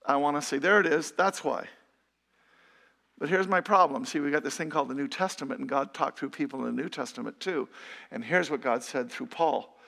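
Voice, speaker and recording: Middle-aged male pastor, raised gravelly voice, chatty emphatic sermon delivery. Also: fairly high pitch, a little fast, fairly bright tone. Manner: conversational and emphatic, with rhetorical questions.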